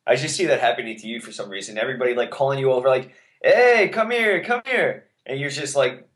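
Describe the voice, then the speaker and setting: A man's voice: mid-range voice, steady tone, racing. Joking man riffing in casual chat. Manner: joking, riffs on the other host's stories with playful role-play. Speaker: podcast co-host.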